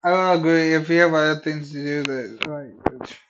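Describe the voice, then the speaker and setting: A man streaming live, reacting in a heated, profane rant that keeps bursting into shouting. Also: a little high, normal speed, highs cut off, background noise.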